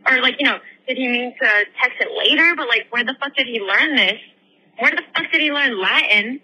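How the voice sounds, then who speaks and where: Bright-voiced woman telling a rambling story. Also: high-pitched, a little fast, slight background noise, rough recording. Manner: swears constantly, rambling with many fillers. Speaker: podcast host. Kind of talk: casual storytelling. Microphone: headphone microphone.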